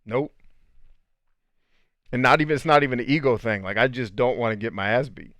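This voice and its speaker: Brief: male livestream host in his 30s, smooth resonant voice, dry close sound, loose joking delivery. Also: mid-range voice, fairly quick, dry recording. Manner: animated, joking, swears freely. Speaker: podcast host answering live chat. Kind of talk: casual livestream chat.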